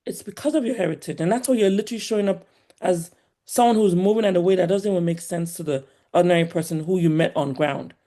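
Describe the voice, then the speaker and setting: A woman with a Nigerian accent softened by years in the US, talking as a guest in an animated, emphatic way and laughing often. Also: lowish voice, quick pace. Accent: Nigerian, polished by years in the US. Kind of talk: casual conversation.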